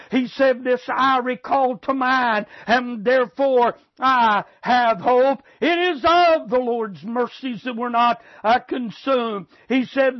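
A man's voice: very high-pitched, no room sound, lo-fi sound. A male preacher delivering a fervent sermon, often repeating phrases and using filler sounds.

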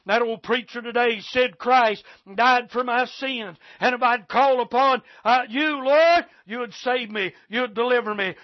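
A man with a very high voice preaches with revival fervor, breaking in with exclamations of praise and speaking straight to his listeners. The recording sounds dull and muffled, with a dry, close sound. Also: fairly even intonation, moderate pace, few pauses, no room sound. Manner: fervent revival preaching with many "thank God" and "I bless God" exclamations; direct appeals to the listener. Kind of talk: sermon.

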